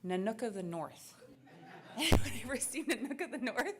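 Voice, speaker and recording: A woman giving a talk, telling a lively family story with quoted voices and frequent laughter. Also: on the high side, moderate pace, background noise. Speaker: speaker.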